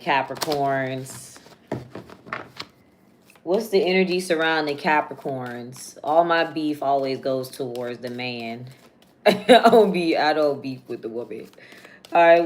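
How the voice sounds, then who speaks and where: A young woman doing a casual, chatty live tarot reading, slangy and quick to laugh. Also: a bass voice. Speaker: tarot reader.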